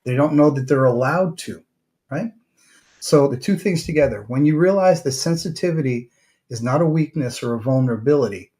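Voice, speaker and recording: A man's voice: mid-range voice, a little mellow. A man who is a therapist hosting a show, talking casually and telling a story, with lots of "you know" and "right?". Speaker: host and therapist.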